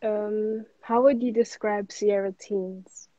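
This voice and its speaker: A woman's voice: mid-range voice, fairly even intonation, takes it slowly, dark tone, poor audio. A woman hosting a live interview, putting brief, encouraging questions. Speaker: interview host.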